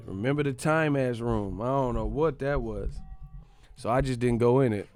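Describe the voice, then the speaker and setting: A man's voice: mid-range voice, normal speed, long pauses, darkish tone, clean tone, soft background music. A man hosting a boxing channel, ranting casually with profane jokes and rambling asides. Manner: profane, joking, rambling with laughs. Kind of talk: casual comedic rant.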